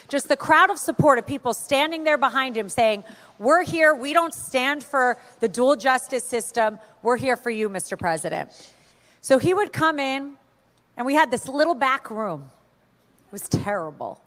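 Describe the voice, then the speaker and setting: A woman telling animated stories to a crowd and acting out the voices of the people she quotes. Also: on the high side. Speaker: speaker at an event. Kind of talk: storytelling speech to a crowd.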